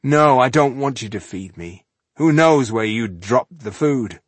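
Guy doing an annoyed one-eyed dwarf, huffy and impatient, husky, dry audiobook sound. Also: medium pitch, animated, measured pace, no echo, pitched above the performer's own voice. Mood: cross. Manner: impatient, grumbling, snappish. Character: cross, bad-tempered one-eyed male dwarf warrior.

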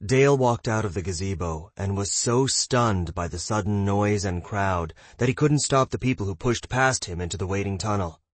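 Low-voiced man reading a fantasy story. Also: moderate pace, few pauses, no room sound. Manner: reads narration evenly, voices characters with shouts and raised pitch. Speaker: audiobook narrator. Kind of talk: scripted fantasy narration.

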